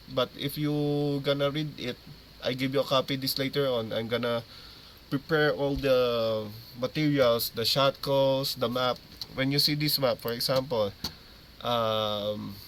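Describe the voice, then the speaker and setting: A man's voice: mid-range voice, a bit bright, a little hiss or hum. A man, coaching an esports team in a meeting. He repeats key terms and keeps checking that his listeners follow.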